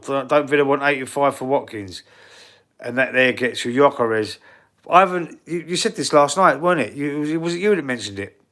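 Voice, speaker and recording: A man's voice: mid-range voice, fairly bright tone. A man with a Cockney accent hosting a casual football live stream, blunt and swearing freely as he answers the chat. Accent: London Cockney. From England.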